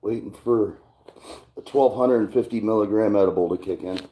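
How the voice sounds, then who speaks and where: A man's voice: on the low side, normal speed, mellow, slight background noise. A man hosting a casual livestream from his garage, talking in a rambling, laid-back way and swearing often. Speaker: livestream host.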